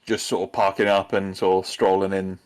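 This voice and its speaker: A man running a tabletop role-playing game as game master, narrating in a halting way with frequent ums and restarts. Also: low voice, little pitch movement, slight background noise. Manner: hesitant, many ums and restarts.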